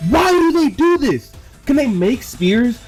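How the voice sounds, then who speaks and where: A man's voice: very high-pitched, very animated, measured pace, darkish tone, faint music behind. Exasperated young man ranting casually. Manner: exasperated, ranting, repeats words and swears. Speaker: commentator. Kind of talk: casual reaction rant.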